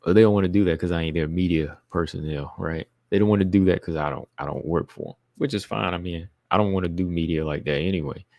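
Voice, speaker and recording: A man's voice: low-pitched, fast talker, gravelly, few pauses, no echo, highs cut off. A man hosting a live talk stream, chatting casually and emphatically to his viewers, repeating phrases and calling out to the chat. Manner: informal, uses "y'all" and "be listening". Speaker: podcast host.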